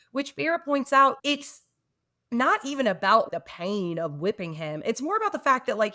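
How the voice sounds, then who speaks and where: A woman co-hosting a casual book podcast, venting hard and swearing freely. Her voice sits in an ordinary middle pitch. It is recorded dry and close, with no room sound. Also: fairly bright tone, no room sound. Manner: ranting, frequent swearing. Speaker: podcast co-host.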